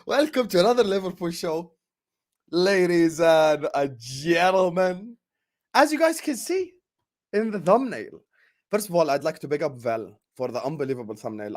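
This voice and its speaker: A man's voice: on the high side, lively intonation, normal speed. A young man hosts a football fan show in a casual, mock-dramatic, repetitive way. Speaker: football channel host. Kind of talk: casual fan podcast chat.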